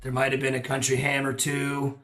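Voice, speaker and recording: A man's voice: medium pitch, completely flat delivery, fairly quick, crowd noise. A man who is a guest on a podcast, talking in a chatty, storytelling way and sometimes correcting himself as he goes. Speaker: guest, whiskey brand ambassador. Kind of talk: casual podcast chat. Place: his apartment.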